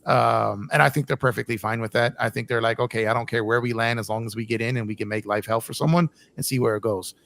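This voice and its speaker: A man's voice: mid-range voice, steady tone, fast, creaky, hardly any pauses, a bit bright. A man hosting a casual sports podcast, rambling with repeated words, frequent swearing and laughter. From United States. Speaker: podcast host.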